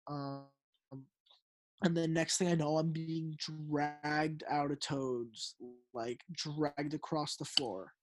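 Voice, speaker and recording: A man's voice: a little high, steady tone, slow pace. A young man telling a story in casual chat, rambling with lots of fillers. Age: young adult. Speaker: storyteller friend.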